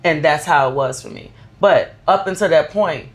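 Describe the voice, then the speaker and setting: A woman's voice: low voice, moderate pace. A woman co-hosting a podcast, talking candidly and emphatically about motherhood in casual chat. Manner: emphatic, candid, personal storytelling. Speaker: podcast co-host.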